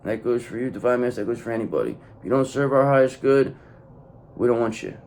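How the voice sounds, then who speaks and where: A man's voice: mid-range voice, fast talker, darkish tone, slight background noise. A man giving a blunt, profane tarot reading to his viewers, hammering points home by repeating the same phrase. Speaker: tarot reader.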